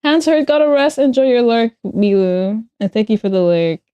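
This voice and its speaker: A woman's voice: a little high, fairly even intonation, moderate pace, smooth, dull audio. A young woman livestreaming as she draws, chatting playfully and answering her viewers' messages aloud. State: out of breath. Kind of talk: casual livestream chat while drawing.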